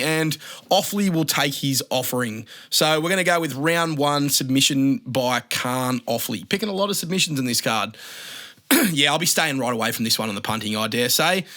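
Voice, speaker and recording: Sweary Australian bloke, bright voice. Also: male voice, a little high. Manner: blunt, sweary banter. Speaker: fight predictions host. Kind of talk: casual solo commentary.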